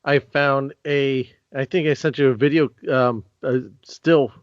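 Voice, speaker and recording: A man's voice: mid-range voice, fairly even intonation, a little slow, smooth, dry recording. Laid-back man, dry lo-fi sound. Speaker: podcast co-host. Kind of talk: casual movie commentary chat.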